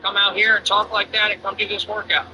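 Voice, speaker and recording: A man's voice: sits high, little pitch movement, fast, bright, forceful tone, a little hiss or hum, rough recording. A man streamer ranting defiantly and boastfully over his gameplay. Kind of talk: livestream rant over gameplay.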